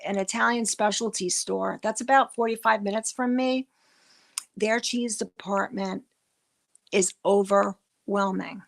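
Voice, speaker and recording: A woman's voice: medium pitch, gravelly. A middle-aged woman hosting a livestream, chatting casually with her viewers in a rambling way and often restarting her words. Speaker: livestream host. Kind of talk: casual livestream chat with chat readers.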